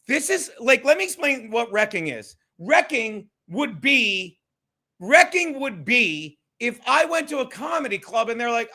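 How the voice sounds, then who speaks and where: A man's voice: extremely high pitch, big pitch swings, measured pace, bright, forceful tone. A man hosting a podcast, ranting in a profane, mocking, gloating way. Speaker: podcast host. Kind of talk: ranting commentary.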